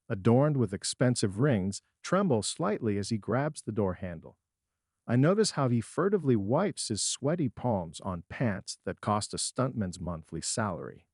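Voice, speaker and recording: Brief: middle-aged man, husky tone, animated pitch, measured dramatic story narration. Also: no room sound, studio quality.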